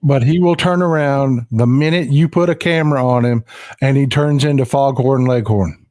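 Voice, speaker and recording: A man's voice: medium pitch, normal speed, darkish tone, no echo. A man hosts a casual political chat with a folksy, blunt delivery. His voice sounds dry, with no room around it. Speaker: host.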